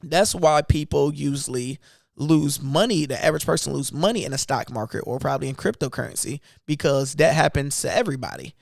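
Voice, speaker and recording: A man's voice: on the high side, fairly quick, vocal fry, no room sound, clean studio sound. A man hosting an investing channel, chatting loosely about his trades in casual speech. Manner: loose and conversational, talking through trades. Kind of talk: casual livestream chat.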